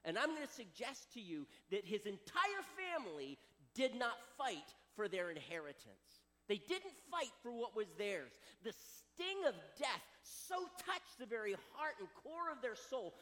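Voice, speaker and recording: A man preaches a sermon with a high, lively voice that swoops up and down. He delivers it with dramatic flair in a hall with a long echo. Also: a little slow. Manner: animated, dramatic preaching with acted quotes. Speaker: pastor.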